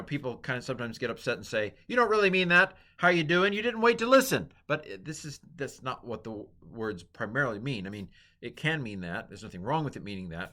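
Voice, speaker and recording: Here a middle-aged man teaches Hebrew grammar in a casual, talkative style with frequent fillers and tangents. His voice is on the low side, with a fairly bright tone.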